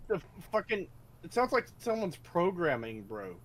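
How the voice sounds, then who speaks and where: A man's voice: high-pitched, sing-song, moderate pace, rough recording. A man chatting casually with a streamer friend, blunt and incredulous, swearing often. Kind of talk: casual chat.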